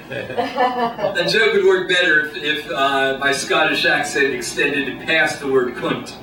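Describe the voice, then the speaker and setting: A man doing a stand-up comedy set on a small club stage, with a deadpan, halting delivery full of pauses. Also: fairly high pitch. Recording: echoey room, distant mic, noisy. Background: audience laughter.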